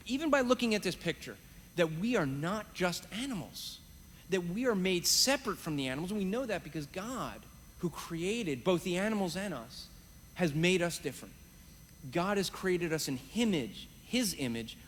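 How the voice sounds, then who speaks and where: A man teaching evangelism at a live conference, talking fast and animated with quick restarts. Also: sits high, a little hiss or hum. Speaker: evangelism trainer. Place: conference stage. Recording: reverberant hall.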